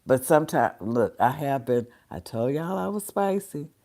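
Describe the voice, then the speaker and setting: Animated and warm, a woman with a bass voice speaks at normal speed while hosting a casual livestream. She chats with her viewers and greets them by name, her voice slightly congested from her sinuses.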